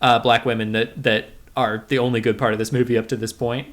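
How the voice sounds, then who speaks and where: A man's voice: mid-range voice, little pitch movement, fairly quick. A man co-hosting a podcast, recapping a film in casual, joking chat with a sarcastic edge. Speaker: podcast co-host. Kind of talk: casual movie-review chat.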